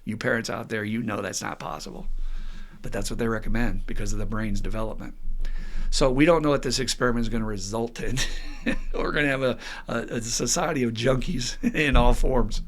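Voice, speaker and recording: Gravelly man hosting a podcast. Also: medium pitch. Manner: lively storyteller who acts out quotes with laughs. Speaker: podcast host and addiction counselor. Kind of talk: casual podcast monologue.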